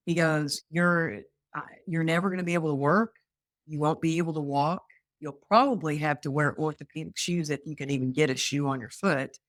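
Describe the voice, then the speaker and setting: Animated woman from Texas telling her story. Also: deep voice, normal speed, no echo, studio quality. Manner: animated, acts out quoted voices. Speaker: guest. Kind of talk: interview storytelling.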